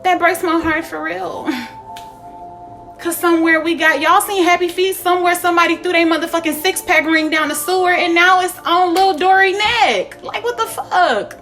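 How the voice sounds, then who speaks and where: A young woman, talking to her viewers in a casual, profane spiritual vlog, animated and laughing often. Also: extremely high pitch, normal speed, soft background music. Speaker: spiritual vlogger.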